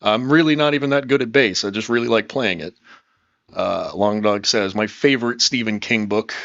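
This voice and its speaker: A man's voice: fairly low pitch, moderate pace, gravelly, fairly bright tone, no echo, highs cut off. A man hosting a casual livestream, upbeat and rambling, reading chat comments and swearing freely. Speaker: livestream host.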